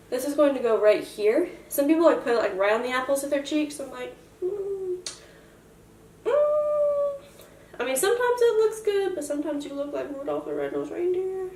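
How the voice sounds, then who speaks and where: A woman's voice: fairly high pitch, distant mic, slight background noise. A young woman in a casual makeup tutorial, chatty and self-joking as she explains each step. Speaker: makeup vlogger. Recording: roomy echo, voice from afar.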